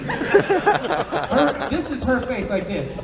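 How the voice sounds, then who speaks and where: Man, high voice, animated comic storyteller on a panel stage; sound is distant and boomy, long hall reverb. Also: creaky. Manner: animated, building to slow dramatic pauses. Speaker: panel guest telling a story. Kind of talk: comic storytelling to a live audience. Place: large event hall with an audience. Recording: roomy hall echo, voice off-mic, faint noise.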